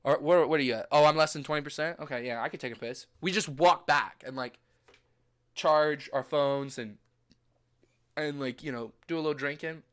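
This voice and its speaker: A man with a fairly high, bright, forceful voice talks through a loose, rambling chat. He swears freely and fills his sentences with "like" as he goes. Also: normal speed, clear, resonant tone. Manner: rambling and profane, with lots of filler likes. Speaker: host. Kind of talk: casual chat.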